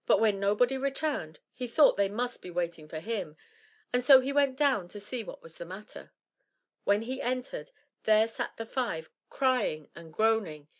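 Woman narrator, measured storybook reading, middle pitch.

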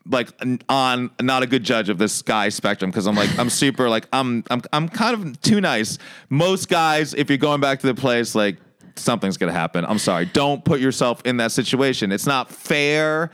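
A man's voice: medium pitch, animated, normal speed, a bit bright, smooth, dry recording, studio quality. A man in his thirties, a comedian chatting casually as a podcast guest, telling stories and acting out both sides of conversations. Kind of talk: casual chat.

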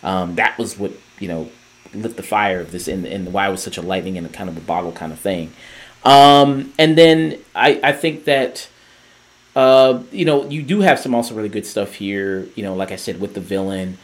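A man's voice: fairly low pitch, moderate pace. A man co-hosting a podcast, reviewing a TV show in casual chat, rambling with many fillers and restarts. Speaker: podcast co-host.

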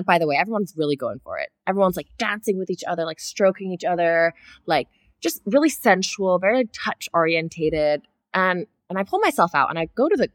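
Podcast co-host, female, lower register, dry close sound; animated storyteller who swears casually. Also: dry recording. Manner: animated, swears freely, acts out her own reactions.

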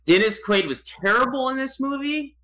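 A man's voice: very high voice, expressive, moderate pace, pushed and bright, poor audio. A man in casual chat, ranting with exasperation about a film he disliked. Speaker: podcast co-host.

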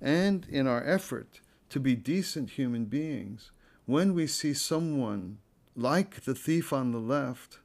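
A man's voice: mid-range voice, lively intonation, gravelly, darkish tone. A man giving an informal, earnest spoken reflection on a scripture story, often repeating phrases and restarting his sentences. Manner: earnest, unhurried, conversational.

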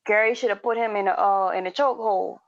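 A woman's voice: mid-range voice, fairly even intonation, quick pace. A woman co-hosting a podcast, telling a story in loose, slangy casual chat and acting out the people in it. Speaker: podcast co-host. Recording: dry, slightly dull recording.

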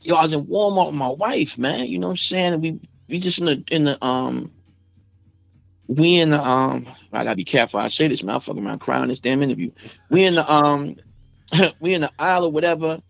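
Faint music plays behind a Staten Island rapper whose fairly high, creaky voice moves a little fast as he loosely rambles through an emotional story, full of "you know what I'm saying." The dull, dry podcast audio has no echo.

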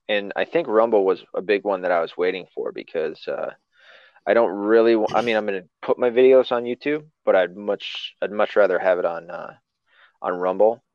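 A man's voice: on the low side, fairly quick, no echo, highs cut off. A man hosting a casual podcast chat, loose and profane, laughing often. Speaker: podcast host.

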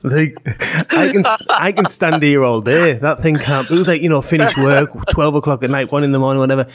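Animated man telling a tale. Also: a little high, a little fast, slight background noise. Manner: animated, swearing, laughing storyteller. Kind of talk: casual storytelling chat between old friends.

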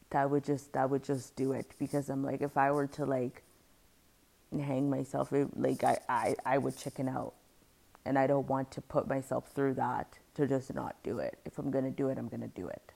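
A woman telling a personal story in a candid, earnest, halting way, sometimes dropping to a near-whisper. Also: rumbling low, steady tone, vocal fry, warm tone. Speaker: storyteller sharing a personal experience.

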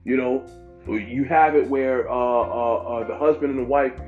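A man's voice: mid-range voice, steady tone, unhurried. A man preaching informally as a pastor, emphatic and given to repeating phrases for stress. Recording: dull lo-fi with faint music.

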